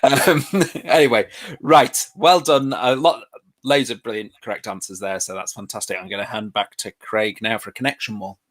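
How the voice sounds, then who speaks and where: A man's voice: lowish voice, fairly even intonation, normal speed, a bit bright. A man presenting a live online revision lesson in a chatty, self-deprecating way. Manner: chatty, laughs at own pronunciation doubts.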